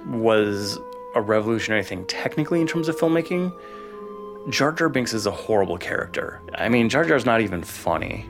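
A man with a low, gravelly voice delivers a vitriolic, profane rant in a monologue he recorded alone. Music plays clearly underneath him the whole time. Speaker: contributor sending a recorded rant.

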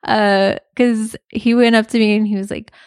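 A woman's voice: a little high, level tone, normal speed, clean tone, dry recording, clean studio sound. A young woman telling a funny story in a casual, chatty way, with lots of "like" and laughter.

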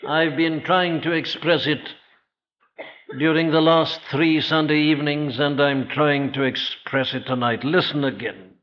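In an old, dull, lo-fi recording, a man preaches an evening sermon in church. He is earnest and rhetorical, asking his listeners direct questions and slowing to stress key phrases, with a slightly high voice and fairly even intonation.

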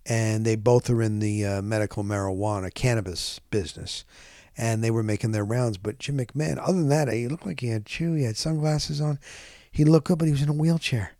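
Animated rambling male podcast host. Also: medium pitch, a little fast, no echo, clean studio sound. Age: middle-aged. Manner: rambling, animated, self-correcting. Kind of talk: casual storytelling monologue.

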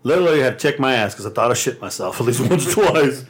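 A man telling a rambling, profane story in a casual chat, laughing often and getting animated. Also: medium pitch, quick pace.

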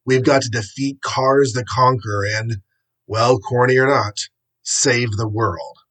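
A man's voice: medium pitch, fairly bright tone, poor audio. A man voicing a terse armored superhero. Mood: grim. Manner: clipped, brisk orders.

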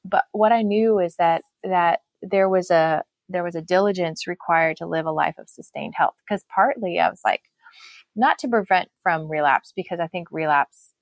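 A woman's voice: lowish voice, no echo. A woman speaking as an author guest on a faith-based podcast, reflective and earnest, often restarting her sentences.

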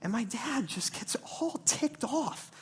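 A man preaching a sermon at a church service, telling stories in a casual, conversational way and moving between quiet asides and sudden loud bursts. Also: extremely high pitch, lively intonation, slow, slightly rough. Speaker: pastor. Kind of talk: sermon with personal storytelling.

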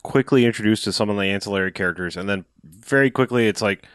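A man's voice: on the low side, quick pace, a bit bright, smooth, no room sound, clean studio sound. A man in a casual movie review chat, rambling and hesitant as he recaps scenes. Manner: rambling, hesitant, full of fillers. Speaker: podcast co-host.

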